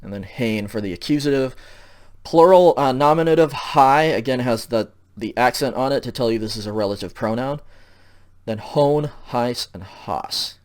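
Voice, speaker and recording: A man giving a recorded lecture over slides, patient and explanatory, checking in often and filling pauses with ums. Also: mid-range voice. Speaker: teacher.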